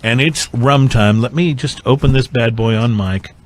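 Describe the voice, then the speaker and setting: A man's voice: mid-range voice, normal speed, slight background noise. A man hosting a casual tasting podcast, talking in a meandering way with many fillers. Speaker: podcast host.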